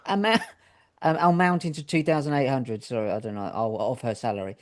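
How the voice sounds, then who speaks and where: A man's voice: medium pitch, steady tone, brisk. British man reading news with jokes. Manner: reads stories out with jokey asides. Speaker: podcast co-host. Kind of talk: casual chat, reading news aloud.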